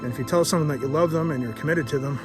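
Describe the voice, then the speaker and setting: A man's voice: on the high side, very fast, over music. Blunt Canadian man in his fifties. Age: 50s. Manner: blunt and profane, coaching tone. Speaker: fitness vlogger. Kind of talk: casual voice-over vlog.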